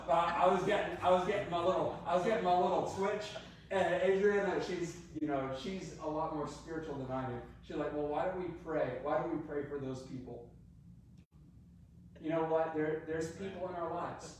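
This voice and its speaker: A man's voice: on the high side, a little hiss or hum. A male pastor preaching an earnest sermon, often repeating and restarting his phrases. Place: church sanctuary. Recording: echoey hall from a distant mic.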